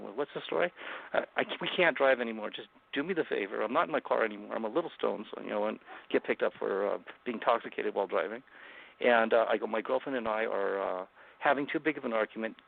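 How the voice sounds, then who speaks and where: A man's voice: lowish voice, creaky. A man, a guest author on an interview show, intensely retelling a dramatic personal story and acting out the quotes. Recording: tinny phone-like line.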